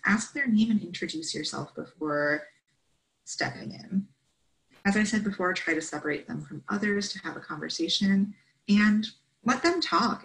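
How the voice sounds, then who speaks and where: A woman's voice: mid-range voice, low-quality recording. A woman presenting a training session, explaining steps in an instructive way and checking in with "right?" often.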